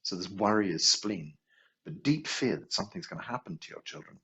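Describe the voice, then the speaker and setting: A man teaching a healing class in a relaxed, anecdotal way, asking rhetorical questions as he goes. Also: brisk, husky. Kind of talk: conversational teaching talk. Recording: dull low-quality video sound.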